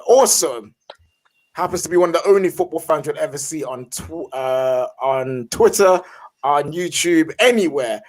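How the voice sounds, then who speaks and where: A man hosting a casual football chat show, hyped and slangy. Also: high voice. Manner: hyped, slangy, shout-outs. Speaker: host.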